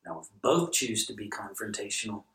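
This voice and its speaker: This guest pastor is a middle-aged man with a lowish voice who talks fairly quickly. He tells stories animatedly during a podcast conversation, performing the dialogue. A distant mic gives a roomy sound.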